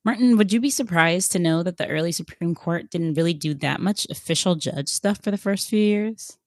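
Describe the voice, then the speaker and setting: A woman's voice: on the low side, normal speed, darkish tone, no room sound, clean studio sound. A woman co-hosting a podcast, explaining things carefully and steering the talk with questions to her partner. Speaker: podcast co-host.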